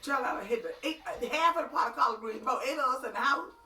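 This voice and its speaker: A middle-aged woman telling funny stories in an animated, folksy way, calling her listeners honey and child. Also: high-pitched, quick pace. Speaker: storyteller. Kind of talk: comic storytelling. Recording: echoey room, distant mic, faint music.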